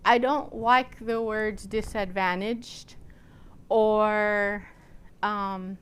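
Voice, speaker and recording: A woman's voice: medium pitch, fairly even intonation, very slow, clear, resonant tone. A woman from Nebraska giving a lecture as a college student services coordinator. She tells personal stories in a conversational way, with frequent fillers. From Nebraska, United States. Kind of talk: storytelling lecture.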